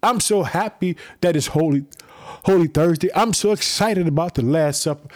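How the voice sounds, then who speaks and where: An excited man from Chicago preaching a devotional message on his podcast, with an exuberant manner and constant "let me tell you something.". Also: fairly high pitch, normal speed. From United States.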